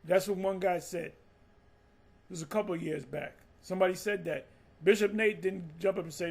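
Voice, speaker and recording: A man's voice: high-pitched, steady tone, moderate pace, vocal fry, slightly rough. A man giving heated, profane, mocking commentary on a religious group, rambling with restarts.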